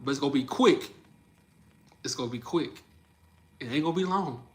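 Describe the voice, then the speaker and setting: A man from the US Midwest hosts a live stream and chats loosely with viewers, laughing often and using slang. His fairly high voice is expressive at a moderate pace.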